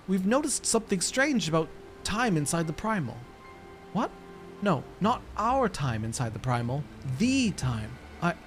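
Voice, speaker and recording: A man reading aloud as an eager young male engineer reporting to his boss, earnest and a bit flustered. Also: on the high side. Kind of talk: reading game dialogue aloud.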